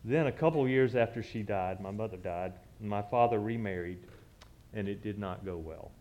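A man's voice: lowish voice, moderate pace, mellow, lo-fi sound. A man, telling a personal story from the pulpit in a conversational, reminiscing way with frequent restarts. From southern United States. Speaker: church speaker.

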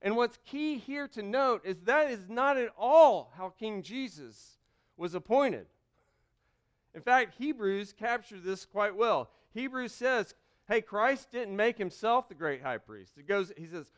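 A man preaches a sermon, reading scripture slowly and stressing key words. His voice sits high and stays smooth and resonant. He drops to quiet asides, then comes back loud. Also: animated. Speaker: pastor.

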